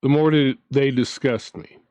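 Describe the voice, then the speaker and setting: Man, casual ranting commentary, indignant, rambling restarts, mid-pitched, dry close sound. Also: steady tone, normal speed, warm tone, smooth, no room sound. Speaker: commentary channel host.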